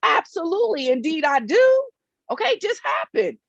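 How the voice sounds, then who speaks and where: Emphatic woman with a high, lively voice. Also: moderate pace, gravelly, no room sound, highs cut off. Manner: emphatic, repetitive, checks in with listeners. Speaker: motivational speaker. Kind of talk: faith-based motivational talk. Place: outdoors in hot weather.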